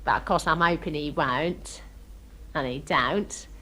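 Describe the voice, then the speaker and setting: An actress uses a low, unhurried, pushed and bright voice, exaggerated for effect, to play a starry-eyed, chatty working-class London girl. The comic monologue is told in gossipy, ungrammatical speech.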